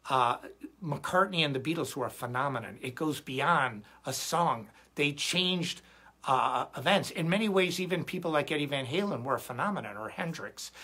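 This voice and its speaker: A middle-aged man hosting a guitar live stream, chatting casually and rambling in an animated way, often restarting his sentences. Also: a little high, normal speed, slightly rough. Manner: rambling, animated, self-interrupting. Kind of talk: casual livestream chat.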